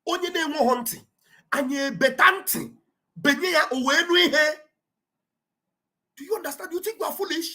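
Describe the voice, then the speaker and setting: A woman hosting an online show, giving fervent, repetitive political commentary that often rises to shouting. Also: high-pitched, fairly quick, pauses often.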